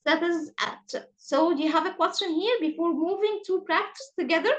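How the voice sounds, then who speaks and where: A woman with an Egyptian accent teaching English intonation in an online class over a video call, speaking slowly and emphatically. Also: poor audio. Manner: slow, emphatic, exaggerated rising and falling pitch.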